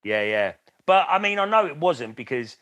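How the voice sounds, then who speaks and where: A man's voice: fairly high pitch, sing-song, moderate pace, fairly bright tone. A man, a podcast co-host telling a long rambling story in casual chat and swearing freely.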